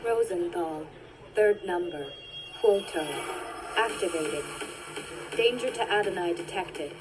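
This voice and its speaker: An actress voicing a reanimated girl who speaks in a flat, mechanical monotone in an English anime dub. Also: lowish voice, takes it slowly, low-quality recording. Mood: robotic. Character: robotic-talking reanimated girl, cold and flat.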